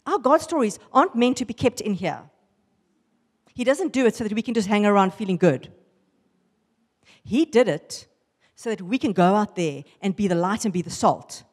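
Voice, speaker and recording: A woman giving a lively testimony sermon to a women's church gathering, acting out the voices in her stories. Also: medium pitch, normal speed, long pauses, in a large hall. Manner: animated storytelling, acting out voices. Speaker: women's ministry speaker. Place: church hall.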